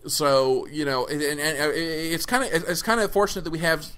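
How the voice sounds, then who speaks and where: A man's voice: a little high, steady tone, moderate pace, a bit bright, clear, resonant tone. A man hosting a casual podcast who rambles through restarts and fillers and swears offhandedly. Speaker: podcast host.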